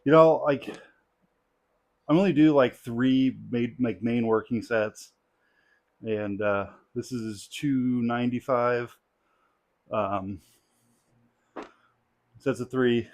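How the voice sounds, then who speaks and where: Between sets in his home garage gym, a young man vlogging his strength training chats casually, winded and tired, rambling along with plenty of fillers. Through his clip-on mic, his mid-range voice comes across slow, with long pauses.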